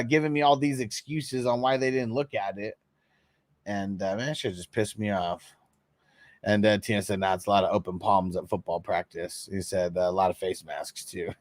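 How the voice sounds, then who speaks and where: A man hosting a casual fantasy football live stream, reading viewer comments aloud, cursing freely and laughing often, sometimes animated and sometimes mumbling low. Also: a little slow, no room sound, studio quality. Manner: profane, laughing, swings between animated and mumbling. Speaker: fantasy football podcast host.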